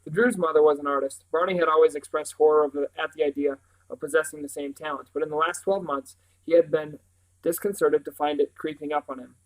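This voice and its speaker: A man's voice: a little high, quick pace, poor audio. Man reading a novel aloud. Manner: steady storytelling narration. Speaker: audiobook reader.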